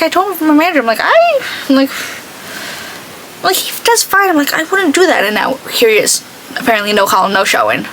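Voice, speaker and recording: A woman's voice: medium pitch, vocal fry, a bit bright, slight background noise, poor audio. A young woman chatting casually while doing her makeup, rambling through a story and quoting herself with lots of "I'm like.". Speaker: beauty vlogger.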